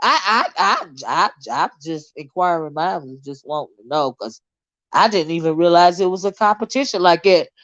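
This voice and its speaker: A woman's voice: fairly low pitch, animated, normal speed, no echo, muffled recording. A woman hosting a casual live stream, laughing often, teasing her chat and getting sidetracked as she reads comments. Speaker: livestream host.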